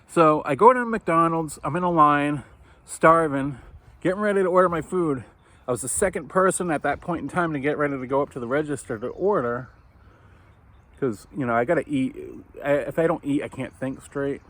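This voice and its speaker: A man's voice: on the high side, a little fast. Man telling a story casually, swearing. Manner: animated, swearing, acts out quoted voices.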